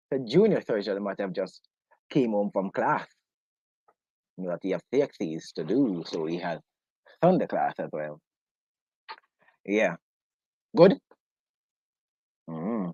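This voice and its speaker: A British man with a lowish, warm, slightly rough voice hosts a casual livestream chat, joking loosely with his listeners and laughing easily between remarks. The sound is dull and dry, with no room sound.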